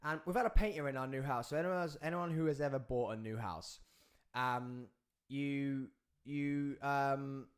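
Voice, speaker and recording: A man's voice: mid-range voice, a little slow, smooth. A man hosting a live podcast. He rambles and jokes, and he keeps breaking off to talk to the crew. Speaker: podcast host.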